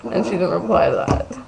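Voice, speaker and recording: A woman's voice: fairly low pitch, creaky, noisy background. A woman vlogging from her bedroom, telling a gossipy, profane story full of "like" in a casual ranting way.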